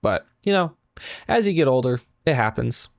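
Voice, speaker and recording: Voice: mid-range voice, big pitch swings, normal speed, creaky, no room sound, studio quality. A young adult in their twenties reading online stories aloud and breaking off for sarcastic asides. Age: 20s. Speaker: storytelling channel host.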